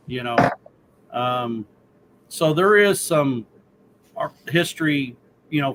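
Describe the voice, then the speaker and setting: Rambling man, slightly high. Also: fairly bright tone, slight background noise, poor audio. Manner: rambling, many fillers. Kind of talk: casual chat.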